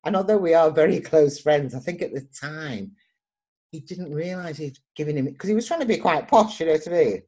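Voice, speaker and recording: A woman's voice: low voice, a little fast. An older woman from Manchester with a Manchester accent, telling personal stories in an interview and acting out the voices in them. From Manchester, England. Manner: lively, acts out voices in her anecdotes. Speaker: poet and performer, interviewee.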